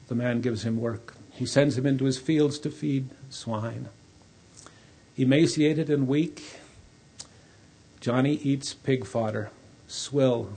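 A preacher telling a sermon story in a slow, vivid, dramatic way, with a husky voice. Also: male voice, mid-range voice, darkish tone.

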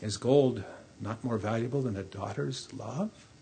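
A calm immortal stranger, voiced by a man. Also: medium pitch, measured pace, creaky, husky, voice pushed down, heavily acted. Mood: probing. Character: calm immortal male stranger granting wishes.

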